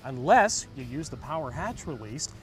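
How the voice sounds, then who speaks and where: A man's voice: mid-range voice, very animated, moderate pace, soft background music. A man co-hosting a car review show, explaining features in an enthusiastic, chatty way.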